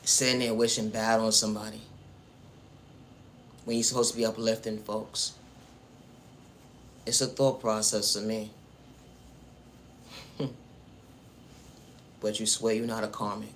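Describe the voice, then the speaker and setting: This spiritual vlogger has a lowish, fairly bright voice with little pitch movement, speaking a little slowly with long pauses amid slight background noise. Talking directly to the viewer, he delivers a preachy monologue on faith and self-worth built on repeated refrains.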